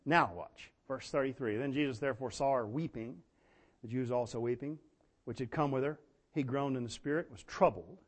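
A man preaching a sermon, telling folksy stories and swinging from quiet asides to loud, emphatic bursts. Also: mid-range voice, normal speed.

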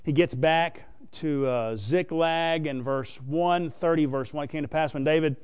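A man's voice: fairly high pitch, a little slow, clean tone. A man preaching a sermon, explaining scripture in a conversational way and asking the audience questions.

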